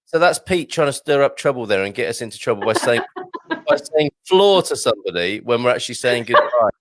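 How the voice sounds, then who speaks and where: A man's voice: mid-range voice, big pitch swings, fairly quick, no room sound. Male host, casual and chatty, laughs easily, dry mic. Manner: chatty, laughs often, stumbles over Portuguese words. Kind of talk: casual chat show.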